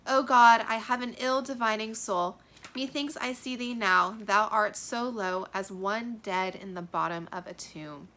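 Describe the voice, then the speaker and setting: A woman's voice: medium pitch, unhurried, bright, forceful tone. A woman reading Juliet, lovesick and anguished. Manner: heightened, emphatic verse reading. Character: young lovesick girl, Juliet, anguished and passionate. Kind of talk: dramatic reading of a play.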